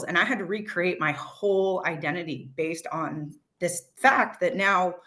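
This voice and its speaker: A woman's voice: fairly low pitch, a bit bright. A woman real estate agent on a video call, sharing personal reflections in a candid, blunt way and swearing casually.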